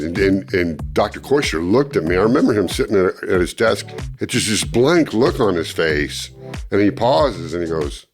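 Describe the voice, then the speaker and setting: An older man, interviewed, recounting a personal story and acting out what others said in lively bursts. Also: low-pitched. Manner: animated storytelling, acting out quoted speech. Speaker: interviewee, former ministry student.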